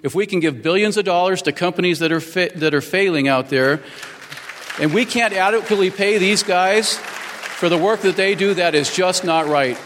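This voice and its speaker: A high-pitched man's voice at a moderate pace fills a large hall, with crowd noise and background noise around it. He's in his fifties, the newly sworn-in mayor, giving a folksy, earnest ceremony speech of thanks laced with fillers.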